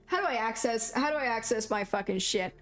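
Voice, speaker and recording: Animated young woman gaming streamer. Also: a little high, brisk, faint music behind. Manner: exasperated, profane, laughing. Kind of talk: casual let's-play commentary.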